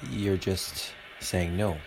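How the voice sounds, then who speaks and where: A man's voice: sits low, level tone, takes it slowly, background noise. A man hosting a podcast alone at home, talking in an earnest, preachy and rambling way. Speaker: podcast host. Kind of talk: casual podcast monologue.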